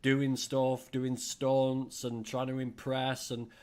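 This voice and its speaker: Middle-aged English male host, casual and animated, reads viewer comments with jokes. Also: mid-range voice, slow pace, clean tone. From England. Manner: chatty, animated, jokey asides. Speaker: livestream host.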